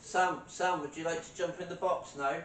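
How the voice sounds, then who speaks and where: A man's voice: fairly even intonation, normal speed, a bit bright. A man with a British accent hosting a paranormal livestream, chatty and teasing, laughing often. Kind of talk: casual livestream chat. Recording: roomy, distant, faint rumble.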